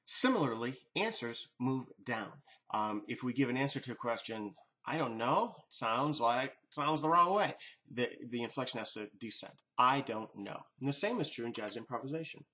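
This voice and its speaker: A male music teacher walks learners through a lesson on improvising. His pitch sits in an ordinary middle range. He explains calmly and methodically, like a patient instructor. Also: moderate pace.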